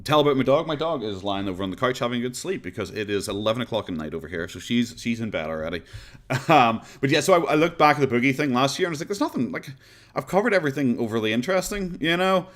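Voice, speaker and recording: A man's voice: mid-range voice, expressive, very fast, fairly bright tone. A man with an Irish accent chatting casually on a live stream, rambling and sarcastic, often breaking into laughter. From Ireland.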